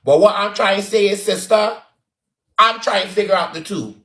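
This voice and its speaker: Bajan guy roasting someone, high voice, sassy and dramatic, echoey room. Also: moderate pace, bright, forceful tone. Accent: Barbadian. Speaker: online commentator. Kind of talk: roasting commentary. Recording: roomy echo.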